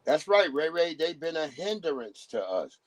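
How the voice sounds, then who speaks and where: Man, livestream host, casual profane commentary, fairly high voice, very lively pitch, dry close sound. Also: a little slow, no room sound. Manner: profane and animated, acts out quoted voices.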